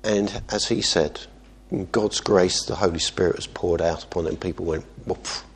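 A man preaching as a pastor, earnest, moving between quiet asides and emphatic exhortation. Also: low voice, moderate pace, breathy edge. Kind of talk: sermon.

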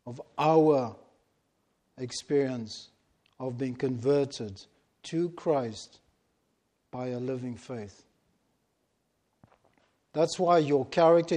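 A man preaching a sermon, slow and deliberate, stressing key words with long pauses. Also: a little high, mellow.

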